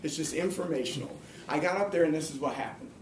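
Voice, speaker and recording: A man giving a personal, earnest motivational talk to a live audience, slowing down to stress his main points. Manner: earnest, emphatic, slows down to stress key points. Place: hall or room before an audience. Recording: echoey room, speaker far from mic, faint rumble.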